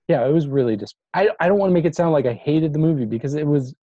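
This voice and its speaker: Laid back guy chatting about movies, low warm voice, kinda muffled dry audio. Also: quick pace, no room sound. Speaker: podcast co-host. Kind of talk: casual movie review chat. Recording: dull dry lo-fi sound.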